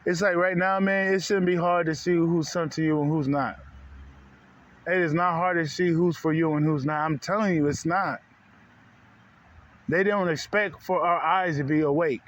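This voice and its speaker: A man's voice: on the high side, fairly even intonation, normal speed, fairly bright tone. A man ranting to his viewers in a heated, profane, repetitive way, calling them bro again and again. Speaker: spiritual vlogger. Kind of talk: casual rant to camera.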